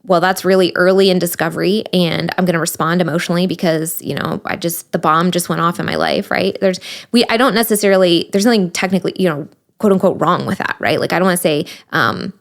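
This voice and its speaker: A woman's voice: fairly low pitch, fast talker, vocal fry. A woman hosting her own podcast as a recovery coach, talking conversationally with lots of fillers, restarts and rhetorical questions. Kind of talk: solo podcast talk.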